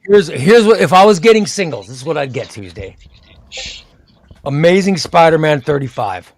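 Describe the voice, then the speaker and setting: A man's voice: fairly high pitch, animated. A man hosting a casual comics chat, reading out titles and deciding which to buy. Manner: reads titles aloud and decides quickly. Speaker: comic show host.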